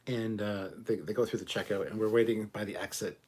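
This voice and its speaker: A man's voice: lowish voice, fairly even intonation, fairly quick, darkish tone, a little hiss or hum. A man hosting a live stream, drinking rum and reading viewer comments in casual chat, swearing freely as he rambles through stories. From Canada.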